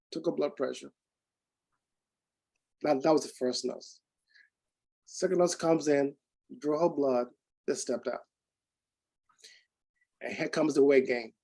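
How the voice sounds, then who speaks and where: A man's voice: fairly high pitch, breathy edge, rough recording. A man in his forties telling a personal story to a group, acting out the dialogue with many restarts. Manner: animated, acts out quoted dialogue with many restarts. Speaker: speaker giving a testimonial.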